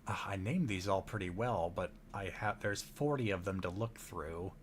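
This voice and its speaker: A man's voice: sits low, moderate pace, a little hiss or hum. A man co-hosting a casual chat, telling trip anecdotes over his own video footage with a chatty, laughing manner. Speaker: co-host.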